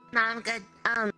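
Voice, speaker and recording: A woman in an online roleplay, playing a character and narrating as game master, stammering and rambling as she talks. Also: fairly high pitch. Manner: stammering, rambling, restarts a lot. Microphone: online voice chat.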